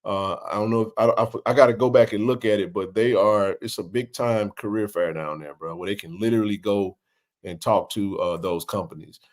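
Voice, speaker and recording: Male host of a live sports chat, from the American South; emphatic, slangy, animated delivery. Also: fairly low pitch, normal speed. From Mississippi. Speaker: show host.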